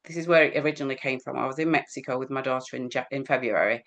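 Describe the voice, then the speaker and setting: A woman's voice: extremely low pitch, very fast, fairly bright tone. A middle-aged English woman chatting as an interview guest, rambling and laughing often. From England. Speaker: guest healer. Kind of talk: casual chat.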